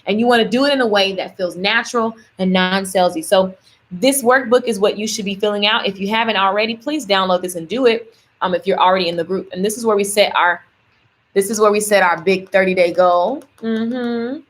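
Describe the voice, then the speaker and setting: A woman, coaching her viewers on a casual livestream. She talks in a chatty, animated way and speaks to her audience directly. Her voice sits at a middle pitch. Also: a little fast. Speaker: business coach.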